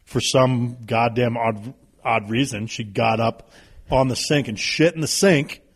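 A man in his thirties, a podcast guest telling stories in a casual, animated way, swearing freely. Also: mid-range voice, measured pace, slightly rough. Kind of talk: casual storytelling.

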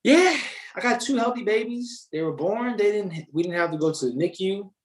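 A young man telling a story in casual chat, animated and slangy, swearing freely. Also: sits high, normal speed, roomy sound.

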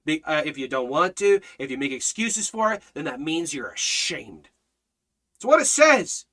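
This fiery, expressive sermon comes from a man speaking at normal speed, driving home rhetorical questions. He alternates loud exhortation with low, intense emphasis.

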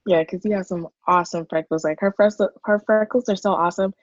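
A woman's voice: fairly low pitch, steady tone, fast, no room sound, faint music behind. A young woman from Southern California co-hosting a podcast in casual chat, bubbly and laughing often. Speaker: podcast co-host. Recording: dry, slightly dull sound.

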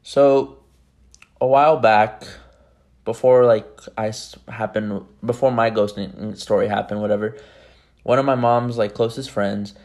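A man's voice: on the low side, fairly even intonation, a little slow, a little mellow. Rambling, chatty male podcast host. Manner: rambling, chatty, many fillers. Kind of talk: casual podcast monologue.

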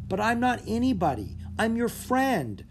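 Eager boy dragon rider, voiced by the narrator; earnest, lively, raised pitch. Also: moderate pace, slight background noise, natural voice.

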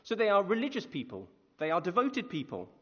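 A male preacher gives a chatty, animated sermon and keeps asking his listeners questions. His voice sits a little high, with a slightly husky edge and lively rises and falls. The sound is dull and lo-fi, with a long echo from a church hall. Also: fairly quick. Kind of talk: conversational sermon.

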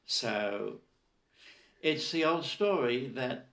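Gravelly older man. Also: mid-range voice, animated, fairly bright tone. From Australia. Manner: measured and emphatic, often opening with "look". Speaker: podcast guest. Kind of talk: casual conversational interview. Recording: echoey room.

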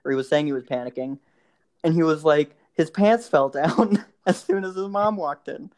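A man's voice: on the high side, moderate pace, darkish tone. A young man in casual chat, telling a rambling story with many restarts and frequent laughs.

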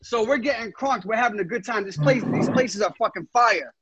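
A man's voice: high-pitched, fairly quick, a bit bright, slightly rough, lo-fi sound. A man co-hosting a casual podcast chat, telling stories with animation, cutting in and swearing. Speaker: podcast co-host.

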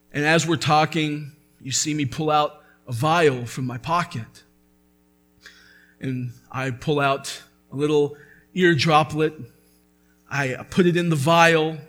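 A man's voice: a little high, slow pace, a bit bright, faint music behind. A man preaching a sermon as pastor, earnest and building to emphatic peaks.

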